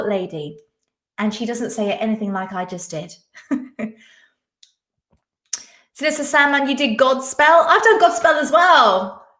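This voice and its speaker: A woman's voice: a little high, fairly bright tone, roomy sound. A young woman hosting a live online quiz, chatting casually, giggling often and reading viewers' comments aloud. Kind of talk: casual live-stream chat.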